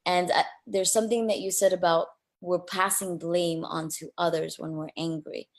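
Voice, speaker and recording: A woman's voice: on the low side, level tone, moderate pace. Affirming woman host on a video call. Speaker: coach and interview host.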